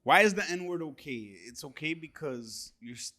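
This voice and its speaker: A man's voice: a little high, lively intonation, normal speed, pushed and bright. A man co-hosting a podcast, chiming in and offering opinions in casual chat. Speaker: podcast co-host.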